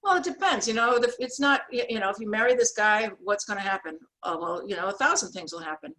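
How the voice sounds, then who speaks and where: Bright, animated woman telling stories. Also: on the high side, fast, poor audio. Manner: animated, acts out quoted voices, many restarts. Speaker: guest, author and sketch artist. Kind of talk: storytelling in an interview.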